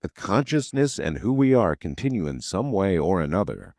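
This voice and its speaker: A late-night radio host with a very low voice that still rises and falls a lot. He muses aloud between calls in a reflective way. The studio sound is close and dry. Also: sing-song, normal speed, a little mellow, no room sound. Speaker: radio talk show host.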